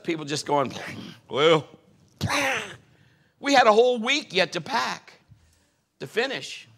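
Pastor guy preaching, kinda high and gravelly, gets loud and punchy on the big points. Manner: emphatic, swells loudly on key points. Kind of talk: sermon with personal storytelling.

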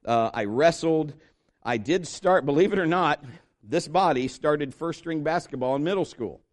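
This is a man preaching a sermon, his voice sitting noticeably high for a man. He is a middle-aged pastor who tells animated stories and acts out the voices of the people he quotes. His delivery stays lively and conversational. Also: normal speed.

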